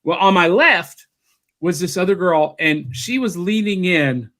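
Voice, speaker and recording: A man hosting a casual podcast chat, telling stories in an animated way. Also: high voice, measured pace. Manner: animated storyteller. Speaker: podcast host.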